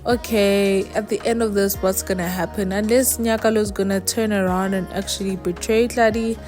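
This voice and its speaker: Lady chatting thru a tv recap, lively, soft music under it. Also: medium pitch, normal speed. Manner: animated, paraphrases characters in quotes. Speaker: TV series reviewer. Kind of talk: casual recap and review.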